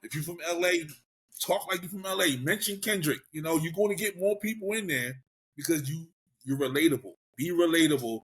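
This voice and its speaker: A man in relaxed podcast conversation as a guest, giving easygoing, encouraging advice. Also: a little high, fairly quick. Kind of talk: casual podcast chat.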